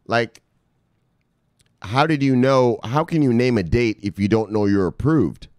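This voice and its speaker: A man hosting a casual crypto vlog, talking loosely and with profanity, shouting "bang" as a catchphrase. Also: mid-range voice, measured pace. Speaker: crypto news host. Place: home studio in South Beach.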